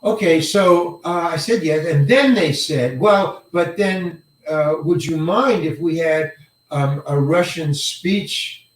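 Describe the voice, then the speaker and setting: Older man, actor interviewee, rambling halting anecdotes, chuckles, slightly high voice, roomy echo. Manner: rambling, halting, repeats words, chuckles often. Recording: roomy echo, mic set far away.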